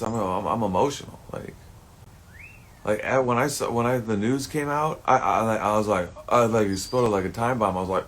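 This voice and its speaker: A man's voice: on the low side, brisk, a bit bright. A man talking through a rambling personal monologue, swearing often and turning heated and emotional at times.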